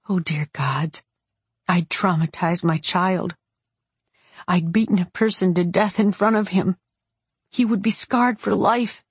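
Husky, low woman narrating an audiobook. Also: no echo. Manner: tense, clipped action narration. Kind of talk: first-person fantasy audiobook narration.

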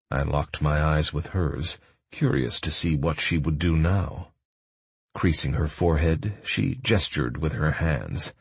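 A man narrating a first-person audiobook in a calm, measured manner. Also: rumbling low, creaky, slightly rough, no room sound.

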